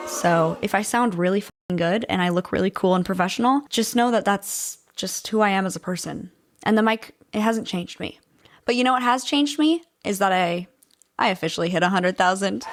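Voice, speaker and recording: Chatty young woman hosting a vlog. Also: medium pitch. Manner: chatty, animated, swears freely, laughs often. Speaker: video host. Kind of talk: casual commentary vlog.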